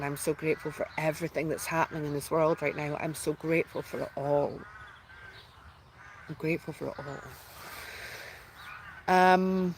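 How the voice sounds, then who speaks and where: A woman's voice: low-pitched, gravelly, poor audio. Woman host, personal announcement to her viewers, earnest and rambling, near tears now and then, faint noise underneath. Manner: heartfelt, rambling, many restarts and fillers. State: tearful at times. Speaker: spiritual channel host.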